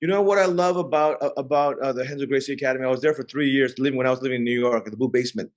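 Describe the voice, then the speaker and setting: A man's voice: mid-range voice, rapid-fire, lo-fi sound. A man talking with enthusiasm in casual chat, rambling with fillers.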